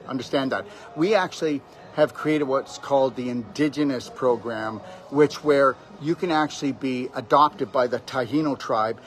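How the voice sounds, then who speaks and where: Preachy man giving a rambling pep talk. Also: mid-range voice. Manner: preachy, emphatic, keeps addressing the listener directly. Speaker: natural health speaker. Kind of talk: rambling motivational monologue.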